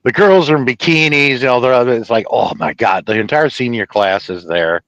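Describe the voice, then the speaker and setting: A man telling a personal story in a rambling, profane, animated way, laughing at his own tale. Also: mid-range voice, moderate pace, dry recording, lo-fi sound.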